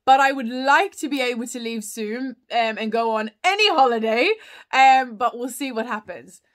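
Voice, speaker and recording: A woman's voice: a little high, moderate pace, a bit bright. Rambling woman live-streaming. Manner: rambling, chatty, with many fillers and restarts. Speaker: livestream host answering viewer questions. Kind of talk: casual live chat.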